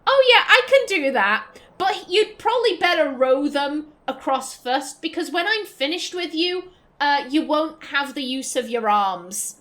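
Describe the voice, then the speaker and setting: A sly witch from a fantasy game purrs mocking threats, as a woman puts her on. The voice sits high and teasing. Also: lively intonation, measured pace, bright, forceful tone, heavily acted.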